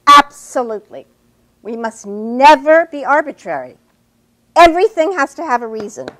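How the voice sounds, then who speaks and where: A woman's voice: sits high, sing-song, moderate pace, fairly bright tone. An actress playing an established woman writer who lectures her student with precise, pointed speech in a stage scene. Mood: probing. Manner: lecturing, precise, wide-ranging inflection. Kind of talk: stage scene performed on a talk show.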